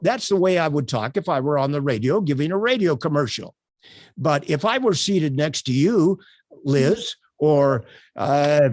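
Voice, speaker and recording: An older man presenting a sales workshop over a video call, telling stories in an animated way with frequent fillers. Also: a little high, no echo, clean studio sound. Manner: animated, projecting, storytelling with many fillers.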